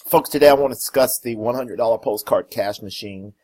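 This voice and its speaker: A man's voice: mid-range voice, a little fast, darkish tone. A man hosting a product review vlog, enthusiastic and dotted with uh and um fillers. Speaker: video host.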